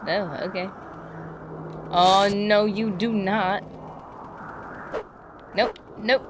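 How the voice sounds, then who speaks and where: A woman livestreaming a game, chatting excitedly and casually with her viewers. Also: medium pitch, very slow, pauses often, noisy background. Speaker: streamer. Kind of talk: casual livestream gaming chat.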